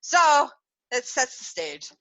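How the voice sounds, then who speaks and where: A woman hosting a podcast, telling a personal story in a candid, animated way, laughing often and swearing freely. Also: high-pitched, slow pace, lo-fi sound. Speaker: podcast host.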